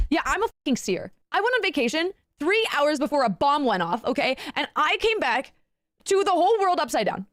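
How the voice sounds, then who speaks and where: A woman talking casually on her stream, animated, playful and swearing. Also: high voice, no room sound. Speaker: VTuber in a played clip.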